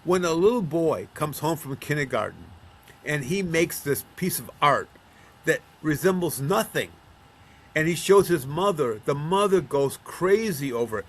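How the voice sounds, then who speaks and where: A man's voice: a little high, animated, unhurried. Storytelling man with a raised voice. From Buffalo, New York, USA. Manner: storytelling, acts out quoted voices. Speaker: guest, counselor of men. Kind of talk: conversational interview.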